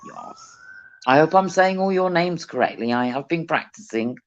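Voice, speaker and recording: Expressive and moderately paced, the medium-pitched voice of a British co-host carries cheeky, chatty stories on a fishing livestream, complete with acted-out quotes. The call sound is muffled and lo-fi.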